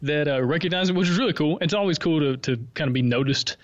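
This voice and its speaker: A man with a Southern US accent talking casually as a guest, quick, animated and self-deprecating. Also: a little high. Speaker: podcast host being interviewed. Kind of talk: casual conversation. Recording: lo-fi remote call audio.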